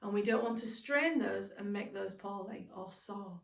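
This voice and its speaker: A woman teaching a singing lesson to young children, encouraging and speaking slowly and clearly. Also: mid-range voice. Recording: roomy sound from a distance, music behind.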